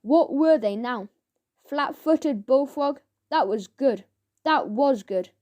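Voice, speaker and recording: A woman narrating a children's audiobook in a measured storytelling manner. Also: fairly high pitch, lively intonation, dark tone.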